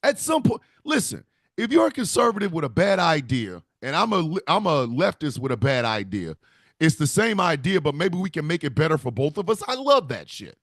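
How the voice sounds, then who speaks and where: A man hosting with an animated comedic monologue, laughing as he riffs. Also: fairly high pitch, moderate pace, dry recording, studio quality. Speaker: comedic host.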